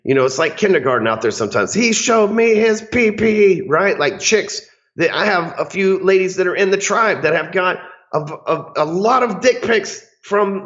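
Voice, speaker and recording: A man's voice: a little high, fairly bright tone, lo-fi sound. A man hosting an unscripted advice rant, blunt and emphatic, swearing freely. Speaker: host.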